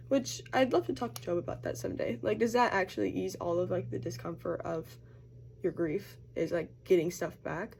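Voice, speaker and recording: This chatty young woman has a lowish voice with a gravelly edge, speaking at normal speed over background noise. A college student vlogger, she does casual get-ready-with-me talk, using "like" constantly and acting out quoted voices.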